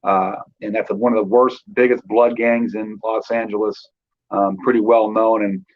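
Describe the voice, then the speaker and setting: A man's voice: fairly low pitch, flat delivery, moderate pace, narrow, tinny audio. A man in his thirties from Northern California, a guest telling his life story in loose casual talk with many fillers. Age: 30s.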